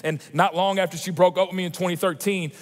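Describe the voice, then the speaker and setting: Pastor in his 30s, high voice, emphatic sermon delivery, long church-hall reverb. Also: fast. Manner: animated, emphatic preaching with personal storytelling. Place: large church auditorium.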